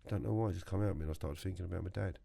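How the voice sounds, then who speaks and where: A man's voice: low voice, very fast, gravelly, mellow, breathy edge. A middle-aged man with a London accent, telling blunt stories as a guest in a podcast studio. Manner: blunt storytelling, mimics others. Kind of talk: casual chat.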